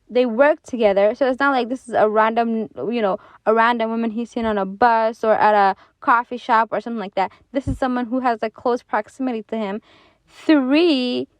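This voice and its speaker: Higher-voiced woman ranting casually. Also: no echo. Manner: animated and exasperated, with many fillers and restarts. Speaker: reddit story commentator. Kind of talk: casual commentary on a reddit story.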